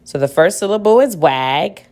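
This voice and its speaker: A woman's voice: sits low, lively intonation, moderate pace, a little mellow. A woman teacher giving a recorded reading lesson for children at home, patiently sounding out words aloud.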